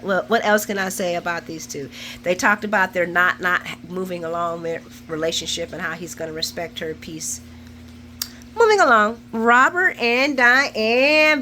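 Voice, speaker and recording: A woman's voice: lowish voice, expressive, normal speed, sharp tone, slight background noise. A woman in her forties, host of a soap opera recap channel, chatting casually and laughing as she retells scenes. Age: 40s. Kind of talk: casual chat, episode recap.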